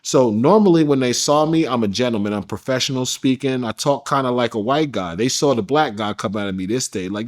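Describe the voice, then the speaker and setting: Male interview guest, mid-pitched voice, candid storyteller, casual, slangy, blunt. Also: expressive, fairly quick. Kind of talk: candid first-person storytelling.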